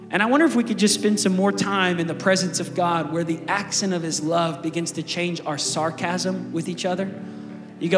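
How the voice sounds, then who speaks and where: A man preaching a sermon as pastor in a large church, talking in a casual, energetic way and turning to the congregation with questions. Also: high-pitched, normal speed, roomy sound, long reverb tail, music in the background.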